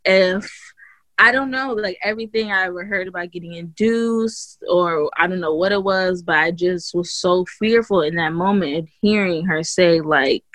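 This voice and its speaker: A woman's voice: lowish voice, moderate pace, fairly bright tone, dry recording. A woman guest on an interview show, telling her own birth story in casual chat, full of "like" and "you know" and restarts, and she acts out other people's lines in a raised voice. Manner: chatty, heavy use of "like" and "you know", many restarts.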